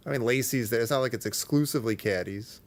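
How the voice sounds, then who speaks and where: A man's voice: medium pitch, fast. A man chatting casually as a podcast co-host, joking around and laughing easily. He often trails off and restarts mid-sentence. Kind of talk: casual chat.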